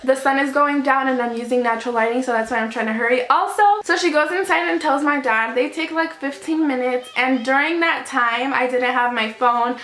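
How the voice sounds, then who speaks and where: A woman's voice: high voice, fairly even intonation, fairly quick, few pauses, a bit bright. A teenage girl telling a personal story on her vlog, chatty, with many "like"s. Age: teens. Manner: chatty, lots of "like", emotional retelling. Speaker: vlogger. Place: home room in natural evening light. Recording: echoey room.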